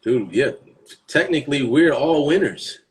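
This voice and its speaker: A man in his thirties delivers a casual, profane and boastful live-stream monologue to his viewers, swinging between loud bursts and hushed asides. His mid-range voice is expressive and unhurried.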